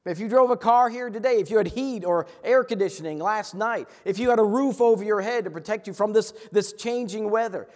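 High-voiced preacher guy from massachusetts, earnest, big echoey hall. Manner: earnest, with quick asides and slow emphatic stresses. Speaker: pastor. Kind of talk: sermon.

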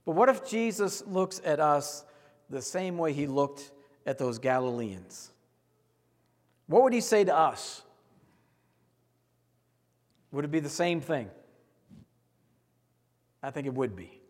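A man preaching an earnest sermon as the pastor of a church, in a steady, repetitive cadence. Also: a little high, takes it slowly, pauses often. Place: church sanctuary. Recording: long hall reverb.

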